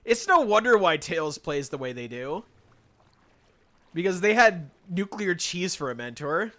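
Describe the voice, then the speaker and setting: Man, live streamer, bright forward voice, somewhat high, animated sarcastic storytelling. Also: a little slow. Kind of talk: casual stream chat while gaming.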